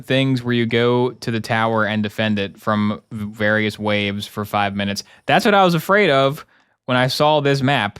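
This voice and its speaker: A man's voice: lowish voice, normal speed, fairly bright tone, smooth, no room sound. Man grumbling sarcastically through gameplay. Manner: talks to chat, thanks subscribers. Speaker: gaming streamer. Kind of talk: live gameplay commentary.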